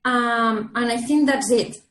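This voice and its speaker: A woman's voice: on the high side, a little slow, a bit bright, a little hiss or hum. Woman presenting, echoey room. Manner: friendly, explanatory, with fillers. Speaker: hotel brand presenter. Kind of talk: business presentation.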